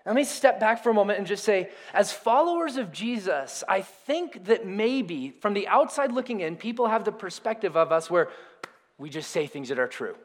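Animated male preacher in a reverberant hall. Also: high voice, normal speed. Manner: animated preaching, calls on the congregation to repeat words. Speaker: pastor. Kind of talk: sermon. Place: church sanctuary.

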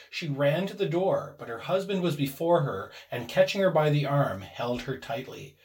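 A man narrating a ghost story in a suspenseful, expressive dramatic reading. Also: medium pitch, moderate pace, few pauses.

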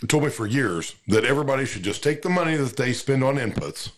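A man with an average-pitched voice rambles through his points, restarting sentences and swearing as he goes. He speaks as a farmer in casual podcast talk. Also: expressive, fairly quick.

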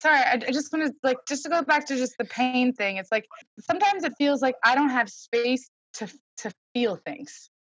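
A woman's voice: sits high, lively intonation, normal speed, a bit bright, breathy edge, no room sound, muffled recording. A young woman speaking candidly as a podcast guest, reflective and open, with many fillers.

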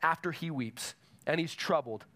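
A man's voice: on the high side, normal speed, a bit bright. A man preaching a sermon to a congregation in a church, emphatic and repeating his key phrases. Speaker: pastor.

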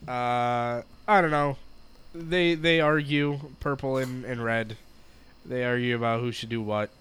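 A man's voice: medium pitch, steady tone, a little slow, fairly bright tone, clean tone. A man co-hosting a podcast, rambling and joking in casual chat, laughing often. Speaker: podcast co-host.

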